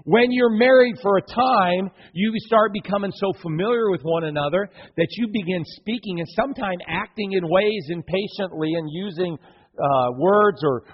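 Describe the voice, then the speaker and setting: In a church sanctuary, a pastor preaches from the pulpit with a high, breathy voice, acting out the voices of the people in his stories. The recording is dull and lo-fi, with church hall reverb.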